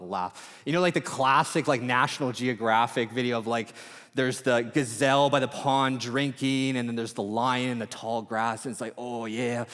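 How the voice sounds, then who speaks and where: Man, thirties, pastor, casual animated sermon, mid-pitched voice, echoing church hall. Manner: casual, animated preaching with many fillers. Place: church auditorium.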